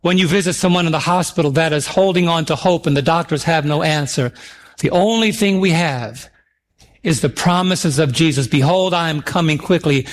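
A middle-aged man preaching a sermon, reading scripture slowly and emphatically and calling for responses from the congregation. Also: fairly high pitch. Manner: calls for audience responses.

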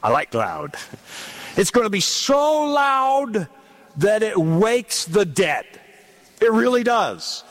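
A middle-aged man preaching a sermon, dramatic and animated, drawing out key words in a sing-song way. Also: sits high, takes it slowly.

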